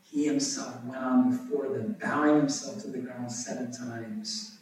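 A man preaching a sermon and reading scripture aloud, animated and emphatic, his voice jumping up on key words. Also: mid-range voice, measured pace. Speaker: pastor. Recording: echoey room, voice from a distance.

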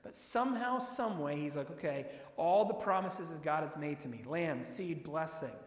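Guy preaching in a church, kinda high voice, lots of echo, slows way down when he reads the verses. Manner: expressive preaching, reads scripture slowly with emphasis. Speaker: pastor. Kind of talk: sermon. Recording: echoey hall.

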